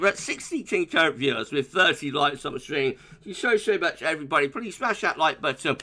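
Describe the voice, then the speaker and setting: A young man hosts a live-streamed weather forecast, chatting with viewers and reading their comments aloud. His voice is tense and very bright, slightly high, and swings freely up and down in pitch. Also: animated, a little fast, hardly any pauses.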